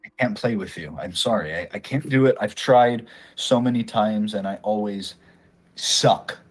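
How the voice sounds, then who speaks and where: A man's voice: lowish voice, normal speed, close to an everyday voice. A man voicing a weak, tearful male musician in a tabletop game, pleading and crying. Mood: defeated.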